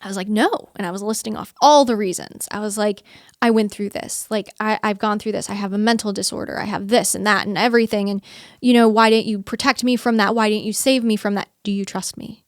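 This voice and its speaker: A woman's voice: mid-range voice, fairly even intonation, fast, dry recording, studio quality. A young woman as an interview guest, telling a personal story in an earnest, chatty way, often quoting her own thoughts and laughing.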